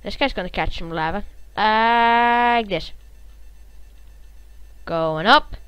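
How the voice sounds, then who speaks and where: A woman hosting a gaming channel, giving live gameplay commentary in an excitable, reactive way, cursing and humming little tunes. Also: fairly low pitch, brisk, clean tone, no echo, dull audio.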